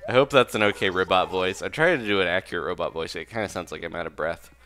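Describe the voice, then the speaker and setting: Deep-voiced young man chatting over a game. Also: fast, a bit bright. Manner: rambling, self-conscious, laughs often. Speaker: let's play host. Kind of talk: casual gameplay commentary.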